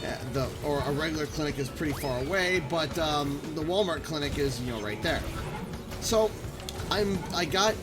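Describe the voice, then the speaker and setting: A young Canadian man live-streaming, telling a rambling, animated anecdote full of restarts. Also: a little high, moderate pace. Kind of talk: casual live-stream storytelling. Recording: game music playing underneath. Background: game music.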